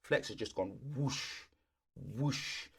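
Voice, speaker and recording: A young man talks at an ordinary, middling pitch. He co-hosts a podcast in a loose, conversational way, dropping street slang into almost every sentence. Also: takes it slowly, slightly rough. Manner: laid-back, heavy street slang. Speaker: podcast co-host. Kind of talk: casual chat.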